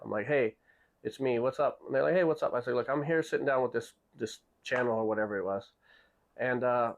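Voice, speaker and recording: A man's voice: mid-range voice, creaky, muffled recording. A man casually telling a long story, acting out the people in it and often restarting his sentences. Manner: animated, acts out quoted people with raised voice; restarts and repeats words often. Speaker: podcast host.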